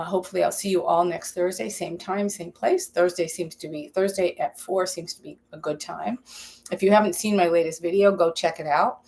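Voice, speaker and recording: A woman hosts a live cooking stream from her home kitchen, chatting casually, rambling and reading viewer comments aloud. Her voice is fairly low with a darkish tone.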